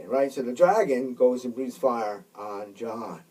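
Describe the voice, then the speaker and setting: Husky man retelling a story emphatically. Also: medium pitch, slow, darkish tone, far from the mic, low-quality recording. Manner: emphatic, keeps checking in with "right?" and "okay?". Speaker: Catholic commentator. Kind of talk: casual storytelling commentary.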